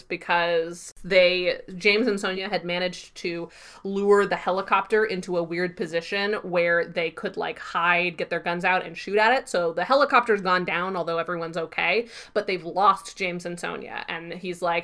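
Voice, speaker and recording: Young female podcast co-host, casual and animated, acts out scenes. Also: on the low side. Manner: animated, acts out characters' lines in quick voices. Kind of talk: casual chat recapping a TV episode.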